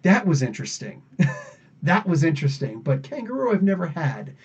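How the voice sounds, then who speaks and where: A man hosts a live podcast Q&A in a loose, rambling way, laughing easily as he talks. His voice sits a little high yet mellow and husky. The recording sounds dull and lo-fi. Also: very animated, normal speed. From United States. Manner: rambling, chatty, laughs often. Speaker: podcast host. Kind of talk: casual live Q&A chat. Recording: dull lo-fi audio.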